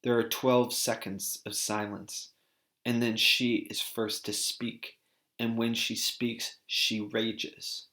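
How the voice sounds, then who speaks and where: A man reading aloud a personal essay he wrote, earnest and deliberate. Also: mid-range voice, level tone, pushed and bright. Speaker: author reading his own article.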